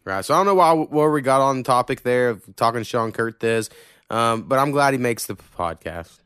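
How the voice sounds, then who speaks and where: A man's voice: mid-range voice, animated, moderate pace, fairly bright tone, clear, resonant tone, no echo, clean studio sound. A young man from Oklahoma, hosting a podcast in loose, profane, filler-heavy chat. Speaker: podcast host. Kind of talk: casual chat.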